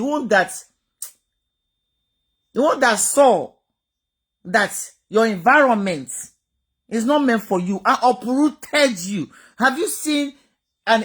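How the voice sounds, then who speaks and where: A woman's voice: fairly high pitch, fairly bright tone, husky. A woman giving a motivational talk, emphatic and repetitive, full of rhetorical questions. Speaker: motivational speaker.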